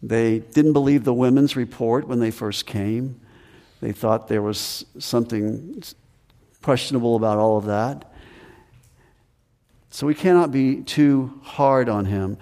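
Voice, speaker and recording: A man's voice: medium pitch, unhurried, mellow, in a large hall. A male pastor preaching a sermon on scripture who sometimes acts out the lines of the people in it with a raised voice.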